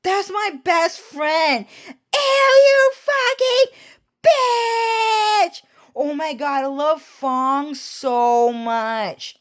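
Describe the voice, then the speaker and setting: A shrill, catty young woman, shrieks insults and curse words in a high, strained voice. She gushes over one friend and sneers at another. Her pitch jumps far above the narrator's own voice. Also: lively intonation, extremely slow, full character voice. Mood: shrill mocking. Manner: shrieking, cursing, gushing then sneering.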